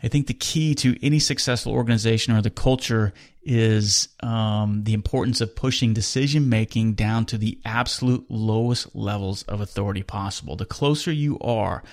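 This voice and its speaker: A man in his fifties hosts a solo podcast in a fairly low voice. He speaks earnestly and motivationally, repeating key phrases for emphasis. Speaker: podcast host.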